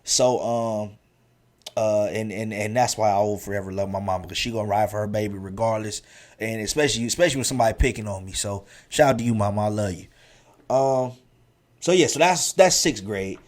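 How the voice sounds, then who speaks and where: A man hosting his own podcast and telling stories from his school years in a slangy, animated, casual way, with many restarts. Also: lowish voice, a little fast. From central Ohio. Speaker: podcast host. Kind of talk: casual storytelling monologue.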